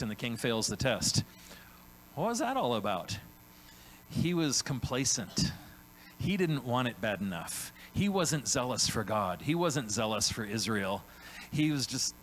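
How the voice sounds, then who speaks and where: A man preaching in a loose, chatty way, tossing in "right?" after his points and slipping into quick voices for the people he describes. His pitch sits right in the middle for a man. A faint hum runs under the recording. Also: fairly bright tone, rough recording. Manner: conversational preaching, frequent "right?" tag questions; acts out biblical characters in quick voiced asides. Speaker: pastor. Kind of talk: sermon.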